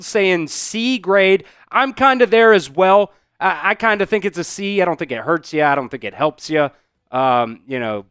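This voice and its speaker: A male sports host with a slightly higher voice and a smooth, resonant tone, talking in a loose, rambling way full of fillers. He reads viewer comments aloud and responds to them. The sound is dry and close, with no room echo. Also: a bit bright. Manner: casual, rambling, heavy on fillers; reads out and answers viewer chat. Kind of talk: live sports talk stream.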